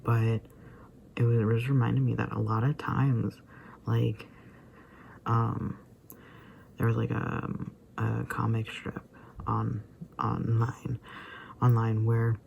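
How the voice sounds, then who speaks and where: A man talks through his reactions in a loose, rambling vlog style, stacking up fillers and slipping into near-whispered asides. His voice has a gravelly edge and a dark, mellow tone. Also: mid-range voice, slight background noise. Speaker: vlogger reacting to a video. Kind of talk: casual rambling commentary.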